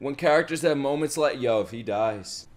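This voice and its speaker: A man watching an anime episode and reacting aloud, excitable and profane, laughing and shouting at the screen. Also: medium pitch, moderate pace. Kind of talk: live reaction commentary.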